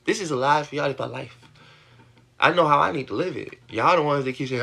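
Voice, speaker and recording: Male livestream host, slightly high-pitched, rambling and laughing as he vents and swears. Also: a little fast, creaky, noisy background. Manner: rambling, laughing often, swearing, voice jumping up when worked up. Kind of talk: venting monologue to a live audience.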